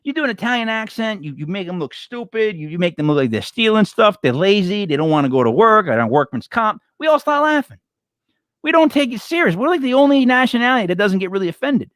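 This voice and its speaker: Male co-host, high and lively voice, opinionated rant, dry close sound. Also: quick pace, no room sound. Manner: animated, ranting, opinionated. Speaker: wrestling podcast co-host. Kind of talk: casual live-stream chat.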